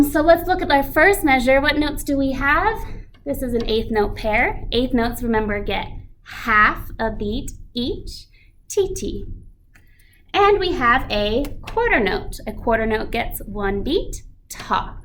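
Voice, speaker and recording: A woman teaching an elementary music lesson, reading a picture book aloud with animated expression. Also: sits high, measured pace, a little hiss or hum.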